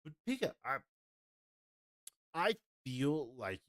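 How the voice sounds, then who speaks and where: A man's voice: medium pitch, big pitch swings, slow, fairly bright tone, dry recording, clean studio sound. A man chatting casually to his livestream audience in a blunt, rambling, profane way. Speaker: streamer.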